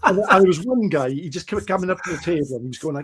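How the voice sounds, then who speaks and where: A man's voice: on the high side, expressive, very fast, hardly any pauses, slightly rough. A Welsh man chatting casually as a podcast guest, telling self-deprecating stories with lots of restarts. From Wales. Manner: rambling, self-deprecating anecdotes with many restarts. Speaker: guest storyteller and wargamer.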